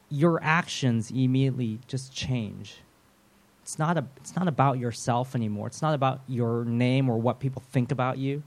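A man preaching a sermon in a lively, conversational way, with self-deprecating humor and quick role-played voices. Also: medium pitch. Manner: animated, acts out voices of biblical figures.

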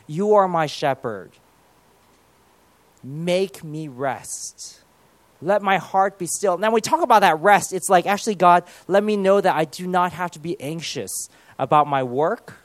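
A man in his thirties preaching a conversational sermon. He mixes in self-deprecating jokes and prays aloud softly. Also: on the high side, no echo. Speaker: pastor.

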